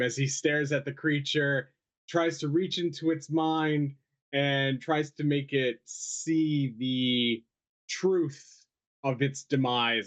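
A man playing in a tabletop role-playing game, speaking slowly and deliberately as he describes his character's spell. The recording sounds dull and lo-fi. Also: mid-range voice. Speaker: player.

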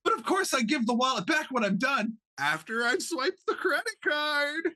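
A man's voice: very high voice, big pitch swings, moderate pace, sharp tone, voice pushed up, heavily acted. A man voicing a manic little male gnome trickster in a tabletop game, shrieking with glee. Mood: gleeful. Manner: shrieking, gleeful.

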